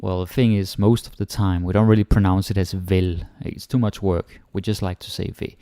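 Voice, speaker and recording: Teaching an online language class, a Danish-accented man from Denmark sounds low, dark, mellow and gravelly, with fairly even intonation. He goes slowly and casually, saying short example phrases over and over, and the recording is close and dry.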